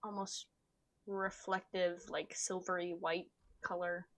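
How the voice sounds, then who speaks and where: A woman's voice: fairly low pitch, level tone, slow, a bit bright. A woman playing in a tabletop game, describing things hesitantly with many fillers. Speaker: player. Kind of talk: casual tabletop game chat.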